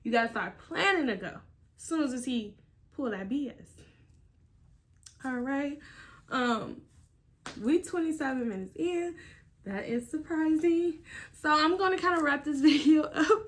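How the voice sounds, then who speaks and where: A fairly high-pitched woman telling a story straight to the camera in an animated, emphatic way. She swears freely and drives her advice home with repetition. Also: a little slow, pauses often. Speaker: vlogger giving relationship advice. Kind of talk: casual storytelling vlog.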